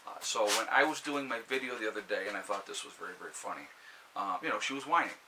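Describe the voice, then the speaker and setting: A man delivers an emphatic, ranting vlog monologue with a bright, forceful edge to his voice. He keeps tossing in "okay?" to his viewers, and a faint hiss sits under the recording. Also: fairly low pitch, animated, fast talker, poor audio. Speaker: vlogger. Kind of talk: opinionated casual monologue.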